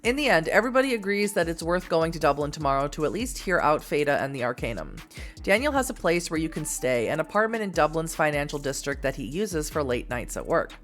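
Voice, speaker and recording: A woman from Massachusetts reads a text game aloud for her stream. She breaks off into giggly, self-deprecating asides to her chat. Her voice is low-set and swings widely in pitch. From Massachusetts, USA. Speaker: streamer reading an interactive novel.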